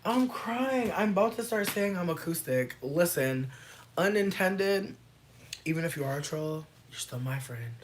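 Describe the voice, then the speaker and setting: A woman's voice: fairly low pitch, expressive, measured pace, slight background noise. A woman chatting casually on a livestream, reading and answering comments in a playful, laid-back way with plenty of swearing.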